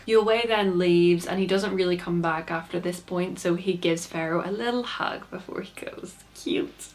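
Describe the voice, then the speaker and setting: Young woman, casual chatty book recap, lots of "like", voice a touch low. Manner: chatty, peppered with "like". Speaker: book reviewer.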